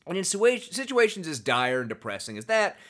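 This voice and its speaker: Brief: a sarcastic, animated male podcast host who swings his pitch widely. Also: fairly quick. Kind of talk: casual podcast chat.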